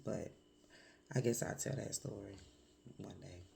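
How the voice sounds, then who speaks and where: A woman vlogger with a hoarse voice from a cold, speaking candidly and reflectively in a confessional vlog, with many pauses and fillers. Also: very deep voice, steady tone, warm tone, a little hiss or hum.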